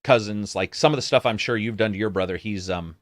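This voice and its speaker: A man co-hosting a casual podcast, telling stories in an animated, profane way. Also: lowish voice, a little fast, no room sound. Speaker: podcast co-host. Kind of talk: casual chat.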